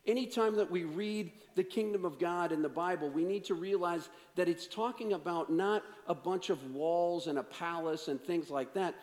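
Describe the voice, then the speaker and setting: High-voiced preaching man, reverberant hall. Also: moderate pace, hardly any pauses. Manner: dynamic preaching, swinging from loud to hushed. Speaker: pastor. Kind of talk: sermon.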